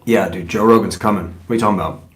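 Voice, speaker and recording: A man's voice: lowish voice, fairly even intonation, racing. Joking man in an echoey room. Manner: joking, playful banter. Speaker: podcast co-host. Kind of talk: casual live podcast chat. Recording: echoey room with faint noise.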